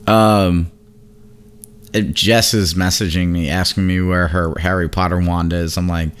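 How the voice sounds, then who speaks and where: A man's voice: sits low, level tone, a little slow, clear, resonant tone. A laid-back man chatting casually with a friend. He laughs easily and often leaves his sentences unfinished. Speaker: podcast co-host. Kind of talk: casual chat.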